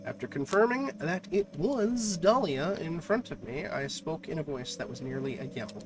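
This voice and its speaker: A man's voice: a little high, animated, normal speed, noisy background. A man streamer reading a visual novel aloud in an earnest, dramatic way with jokey asides. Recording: music playing clearly behind.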